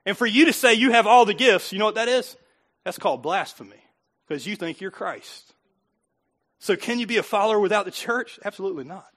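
Brief: middle-aged male pastor, high bright voice, chatty sermon with repeated refrains. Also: expressive, a little fast. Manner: conversational preaching, repeats phrases, jokes with the congregation.

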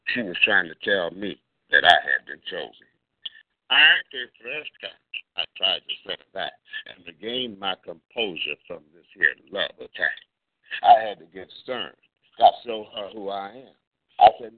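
A man's voice: sits low, moderate pace, no echo. A man from New York performing a rhyming poem at a reading, mixing in Spanish lines. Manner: rhythmic rhyming delivery, slips into Spanish. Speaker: poet at a reading. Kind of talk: poetry reading. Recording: tinny lo-fi phone-like sound.

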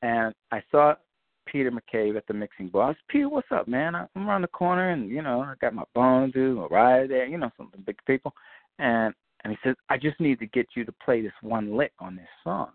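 A man's voice: medium pitch, brisk, no echo. A man telling a long casual story about a studio session, swearing freely and acting out the voices of the people in it. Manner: animated, profane, acts out quoted dialogue. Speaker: guest musician telling a story. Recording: tinny phone-like line, dry.

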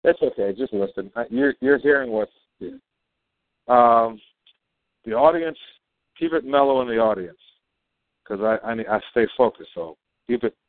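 A man's voice: medium pitch, moderate pace, long pauses, no echo. Chatty laughing man on a tinny line. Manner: chatty, laughing, rambling with fillers. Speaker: co-host and company chairman. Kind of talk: casual live call broadcast. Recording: tinny phone-like dry sound.

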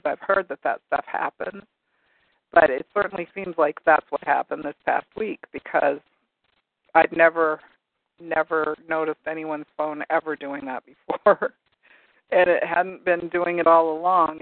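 A woman's voice: low-pitched, dry recording. A woman hosting a call-in show, chatting casually and telling a rambling, amused story. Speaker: radio call-in show host. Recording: tinny phone-line sound.

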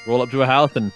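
A man's voice: medium pitch, a bit bright. A young man hosting a podcast, telling a game story in casual chat, swearing and acting out quotes. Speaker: podcast host.

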